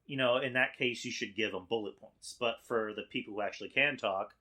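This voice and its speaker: A man appearing as a guest on a podcast in casual chat, agreeable, with quick interjections and sudden loud bursts. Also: medium pitch.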